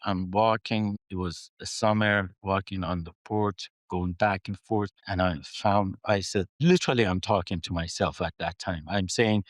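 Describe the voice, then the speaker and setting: A man with a fairly low voice tells a story to a podcast host, acting out the dialogue as he goes. His pitch swings widely as he voices each exchange. The sound is dry and close. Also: dry recording. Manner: animated storyteller who acts out dialogue. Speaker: mining company chief executive.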